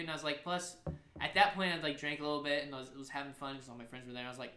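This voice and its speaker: A young man co-hosting a podcast spins a rambling, profanity-laced story and jumps into the voices of the people in it. His voice is bright and forceful, and the room has a noticeable echo. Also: mid-range voice, racing. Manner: rambling, profane, excitable storyteller who acts out quotes. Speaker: podcast co-host. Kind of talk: casual storytelling chat.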